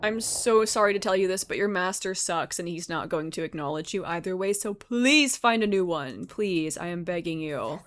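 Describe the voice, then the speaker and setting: A woman's voice: on the low side, lively intonation, normal speed, hardly any pauses. A young woman giving a live reaction commentary, emotional and pleading, often gasping or dropping to a whisper, close to tears. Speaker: anime reaction youtuber.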